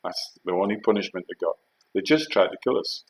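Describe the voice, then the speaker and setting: Older ex-soldier with a lowish voice, blunt and combative, swearing through a heated monologue. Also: male voice, brisk, low-quality recording. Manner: blunt, swearing, emphatic with rhetorical questions. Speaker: former soldier telling war stories.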